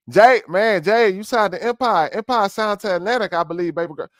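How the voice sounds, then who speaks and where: A man doing reaction stream commentary, ranting in a loud, mocking, slangy way. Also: sits high, a little fast, hardly any pauses, no echo, clean studio sound. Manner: loud, mocking, slangy rants with sudden shouts.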